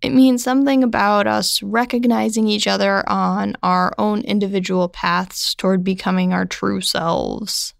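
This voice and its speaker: A young woman narrating a scripted first-person story in a slow, reflective way. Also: medium pitch, fairly even intonation, gravelly, no echo, studio quality.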